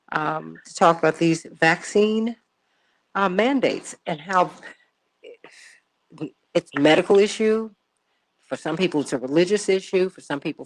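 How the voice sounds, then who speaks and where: A woman's voice: low voice, a little hiss or hum. A woman hosting a morning talk radio show from a studio, chatty and exclamatory, often repeating her words.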